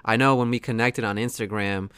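A man's voice: medium pitch, steady tone, a little fast, fairly bright tone, clear, resonant tone, no echo. An American man hosting a podcast in casual chat, laid-back, full of slang and calling his guest dude. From United States. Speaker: podcast host.

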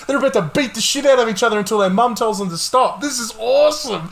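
Excitable swearing young man podcaster. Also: sits high, fairly quick, creaky. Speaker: podcast host. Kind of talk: casual gaming podcast chat.

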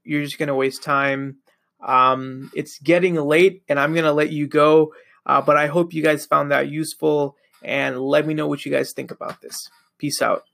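A young man hosts his podcast alone, talking loosely and rambling with plenty of fillers. His voice sits a little high and has a gravelly, fried edge. He sounds a bit sleepy. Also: level tone, normal speed, a bit bright. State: sleepy, yawning. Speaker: podcast host. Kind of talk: casual solo monologue.

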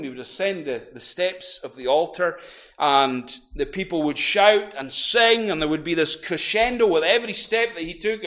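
A man preaching in a church with a slightly high voice. His delivery is animated, swinging between hushed lines and loud ringing cries as he quotes scripture. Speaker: minister. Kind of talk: sermon.

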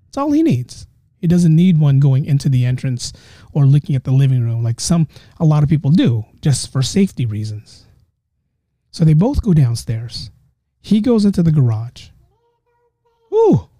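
A man hosting a podcast, telling a ghost story in a chatty way, talking straight to his listeners and slowing down for suspense. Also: a little high, big pitch swings, mellow, dry recording, clean studio sound. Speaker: podcast host.

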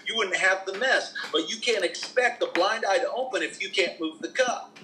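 A middle-aged man, a minister, telling faith stories in an animated, emphatic preaching style as a podcast guest. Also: high-pitched, moderate pace, slight background noise, poor audio. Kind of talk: conversational preaching testimony.

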